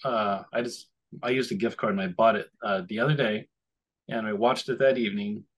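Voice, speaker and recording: A man co-hosting a casual podcast, his voice a little husky and breathy. He rambles easily from topic to topic. When he quotes someone he jumps into lively voices. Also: fairly low pitch, brisk. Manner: rambling, animated when quoting others. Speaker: podcast co-host. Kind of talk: casual chat.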